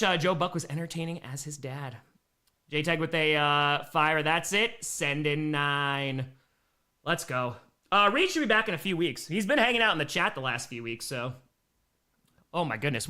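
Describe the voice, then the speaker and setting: In a high voice, a man hosts a live play-by-play reaction stream, excitable and lurching between tense muttering and shouting. Between plays he reads out viewer donations and thanks the donors.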